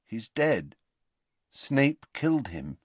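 A man's voice: mid-range voice, very animated, slow pace, husky, no room sound, full character voice. A man voicing a shaken teenage boy wizard who speaks in tense, clipped replies, in a storybook reading.

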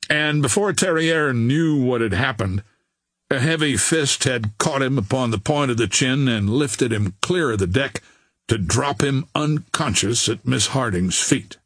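A man reading an audiobook as narrator in steady scripted storytelling. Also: medium pitch, measured pace, slightly rough, no room sound.

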